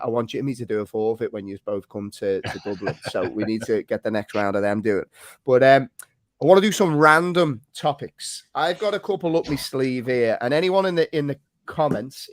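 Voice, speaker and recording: A man's voice: medium pitch, no room sound, studio quality. A man in his late thirties hosting a casual podcast chat, talking freely and reading out viewer comments. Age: 30s. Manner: chatty, reads out viewer comments. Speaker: podcast host.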